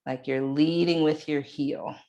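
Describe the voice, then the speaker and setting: A woman leading a yoga class, giving calm, unhurried cues for each movement. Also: low-pitched, lo-fi sound. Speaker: yoga instructor. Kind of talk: guided exercise instruction.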